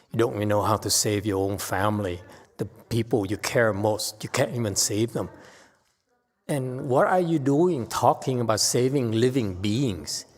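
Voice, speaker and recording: A middle-aged man giving an unscripted Dharma lecture, halting and full of fillers, bluntly stating his opinions. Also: lowish voice. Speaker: Buddhist teacher giving a Dharma talk. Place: temple hall. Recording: long hall reverb.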